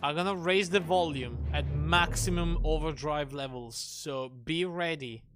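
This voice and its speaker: A man's voice: fairly high pitch, unhurried, over music. A man streaming a game, chatting casually and musing aloud, asking himself questions. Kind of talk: casual gaming commentary.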